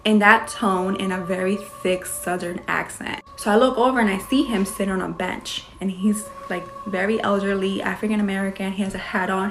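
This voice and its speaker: Mom w gravelly fry voice telling quick story time, noisy background. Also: female voice, medium pitch. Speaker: mother.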